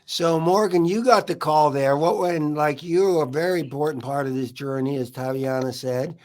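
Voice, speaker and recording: A man's voice: fairly high pitch, normal speed, darkish tone. A man hosting a casual interview over a video call, upbeat and chatty. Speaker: talk show host.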